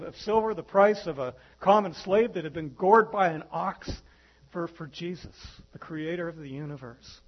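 A man preaching a sermon as pastor, animated, acting out the voices in his stories. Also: sits high, slightly rough, dull audio.

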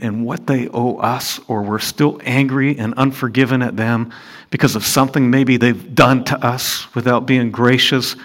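Male pastor, sermon delivery, mid-range voice, earnest and questioning, builds up on emphasis. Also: a bit bright. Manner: earnest, rhetorical questions to the congregation; rises in pitch and volume for emphasis. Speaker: preacher. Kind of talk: sermon, expounding scripture.

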